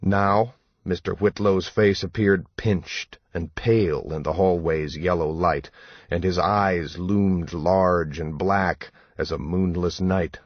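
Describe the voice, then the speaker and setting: A man narrates an audiobook in a measured, even manner. His voice sits very low, husky and unhurried. The recording is dry, dull and a little lo-fi. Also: no room sound. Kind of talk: scripted narration.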